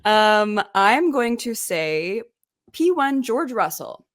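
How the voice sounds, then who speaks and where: Female podcast co-host with a Canadian accent, relaxed and giggly, dry studio sound. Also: fairly high pitch, slow, dry recording. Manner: chatty, laughs often, uses "like". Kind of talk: casual sports podcast chat.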